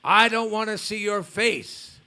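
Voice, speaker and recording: A man voicing an aged male guru who cries out in grief and rage, speaking louder and higher than his reading voice. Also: big pitch swings, slow pace, husky, heavily acted. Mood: furious. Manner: crying out, lamenting, louder and higher.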